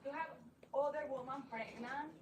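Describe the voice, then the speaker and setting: A woman's voice: sits high, moderate pace, echoey room, recorded from a distance, slight background noise. A woman on a reality show, emotional and exasperated. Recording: off-mic show clip with crowd behind.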